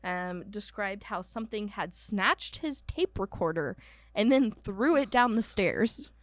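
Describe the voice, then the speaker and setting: A young woman tells a haunted-house story in a chatty, rambling way, full of "um"s and side comments. Her voice sits at a middle pitch and is recorded close and dry, with no room sound. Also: animated, unhurried, no room sound. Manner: chatty storyteller, many "um"s and asides, mock voices for quoted people. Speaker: podcast co-host. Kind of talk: casual chat about a haunted house.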